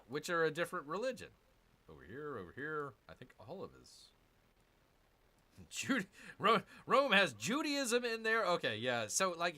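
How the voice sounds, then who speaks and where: A man gives lively, swooping gameplay commentary, his pitch climbing and dropping all the time. His tone is bright and forceful as he grumbles at the game and answers his chat. It sounds like a streamer talking into a desk microphone. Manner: exasperated, grumbling asides. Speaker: streamer playing a strategy game.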